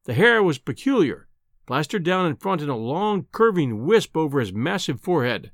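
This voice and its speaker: A man narrating an audiobook in an expressive, descriptive storytelling manner. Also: fairly high pitch, moderate pace, no echo, clean studio sound. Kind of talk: scripted narration.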